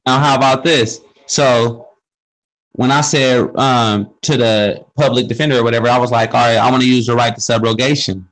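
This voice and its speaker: Brief: man, middle pitch, relaxed slangy explainer in a casual group talk. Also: normal speed, poor audio. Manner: explains with questions and street slang. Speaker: speaker in a group discussion. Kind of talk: casual conversational monologue.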